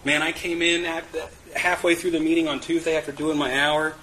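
A man's voice: on the high side, level tone, a little fast, sharp tone, low-quality recording. A man sharing his recovery story in a candid, self-mocking way, often laughing and restarting his words. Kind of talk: personal testimony at a meeting.

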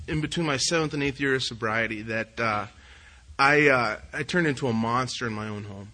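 A middle-aged man giving an earnest, confessional personal testimony at a recovery meeting, swinging between hushed and loud moments. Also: medium pitch, fairly quick, rough recording.

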